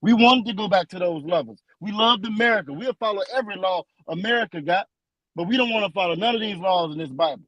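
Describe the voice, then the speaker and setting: A man with a high voice leads a preaching-style scripture discussion. He hammers his points by repeating them and slows right down whenever he reads a verse aloud. The sound is dry and close. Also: lively intonation, fairly bright tone, no room sound, muffled recording. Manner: emphatic and repetitive, restates lines for stress. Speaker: scripture teacher.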